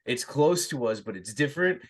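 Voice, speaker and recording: A man's voice: mid-range voice, lively intonation, a little fast. A man chatting casually as a podcast co-host, animatedly retelling movie scenes, swearing freely and laughing along. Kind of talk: casual movie review chat.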